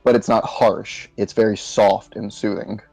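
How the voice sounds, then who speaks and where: A man playing in a tabletop game, explaining things slowly with fillers. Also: on the low side, little pitch movement, vocal fry, warm tone, no echo, soft background music, rough recording. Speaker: player. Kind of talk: casual tabletop game talk.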